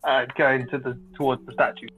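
A man's voice: mid-range voice, level tone, brisk, a bit bright, soft background music. A man playing a tabletop game as a player, talking casually and asking questions. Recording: tinny phone-like line.

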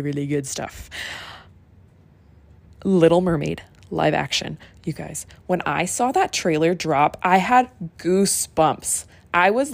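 Young woman rambling excitedly on her podcast, kinda low voice, lots of restarts. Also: creaky, dry recording. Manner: gushing and excitable, with many restarts. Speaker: podcast host. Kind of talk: casual solo podcast chat.

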